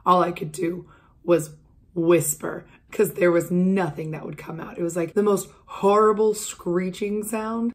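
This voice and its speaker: A young woman in her twenties talks to camera in a hoarse, raspy voice that is still coming back. Her voice sits a little low. She chats candidly and casually, swearing now and then. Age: 20s. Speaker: beauty vlogger. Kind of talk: casual chat.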